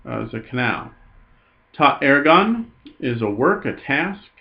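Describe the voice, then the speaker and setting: A man teaching a Greek grammar lesson, explaining in an unhurried way with frequent "uh" fillers. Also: mid-range voice, animated, highs cut off.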